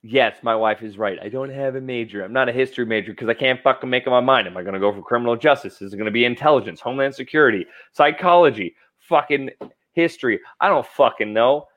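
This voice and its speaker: A man's voice: medium pitch, fast talker, dull audio. A young man hosting a podcast in casual comedic chat. He rambles, swears freely and laughs often. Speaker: podcast host.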